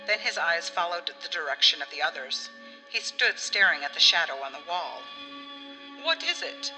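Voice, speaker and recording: A woman narrating an audiobook story in an expressive way, acting out the dialogue. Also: low voice, moderate pace. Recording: long reverb with faint music.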